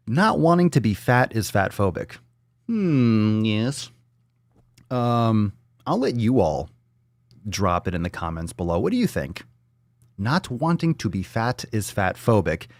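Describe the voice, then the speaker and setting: A man's voice: mid-range voice, sing-song, measured pace, dry recording, studio quality. A man hosting a daily livestream podcast, ranting in a fiery, profane way. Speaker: host.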